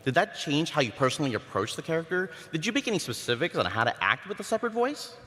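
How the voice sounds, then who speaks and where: A man's voice: a little high, big pitch swings, fast talker, bright, forceful tone, big-room sound. A man moderating a panel and reading out questions in a plain manner.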